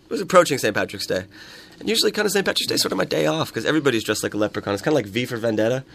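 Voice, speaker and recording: A man guesting on a radio show, telling a rambling story full of fillers while nursing a cold that leaves his voice deeper and rough. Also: expressive, very fast, a bit bright, slight background noise. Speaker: folk musician guest. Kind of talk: casual radio interview chat. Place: radio studio.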